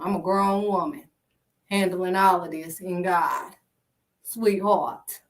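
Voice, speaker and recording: A woman's voice: a little high, fairly bright tone, far from the mic. A woman preaching informally in an emphatic, repetitive, conversational way. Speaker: faith video host.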